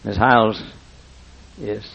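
A pastor gives a storytelling sermon full of folksy, humorous anecdotes, often cutting himself off mid-sentence. He speaks slowly in a lowish, steady voice with vocal fry, captured on a dull lo-fi recording.

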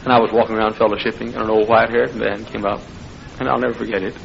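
A middle-aged man preaching an impassioned revival sermon that builds into shouting. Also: fairly low pitch, little pitch movement, racing, gravelly, a little hiss or hum. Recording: muffled old sermon recording.

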